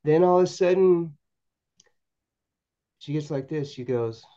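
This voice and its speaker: A man with a mellow, relaxed voice tells a story as a podcast guest. He talks haltingly, repeating words and restarting. The sound is a little dull and lo-fi. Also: fairly high pitch. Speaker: podcast guest, paranormal investigator. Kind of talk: storytelling anecdote in a podcast interview.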